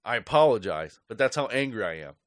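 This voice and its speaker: A man's voice: medium pitch, sing-song, fast talker, no echo, clean studio sound. A man hosting his own podcast, ranting angrily about sports fans and swearing constantly. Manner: angry, profane ranting. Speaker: podcast host. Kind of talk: solo podcast rant.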